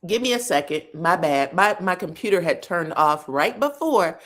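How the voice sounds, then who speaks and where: A woman hosting a live reaction stream, recapping reality TV drama in an animated, emphatic way and laughing often. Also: on the low side, normal speed. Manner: acts out cast members' lines in quoted voices. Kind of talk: live gossip reaction chat.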